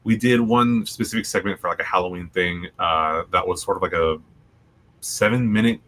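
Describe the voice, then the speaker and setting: Young man rambling on student radio, bright voice. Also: low voice, normal speed. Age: young adult. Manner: rambling, self-correcting, jokey. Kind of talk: casual chat.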